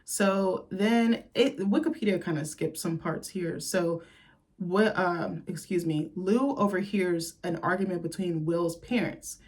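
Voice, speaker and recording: A woman's voice: lowish voice, unhurried, a little mellow. A woman host talking casually and profanely about a movie, chatty and sassy.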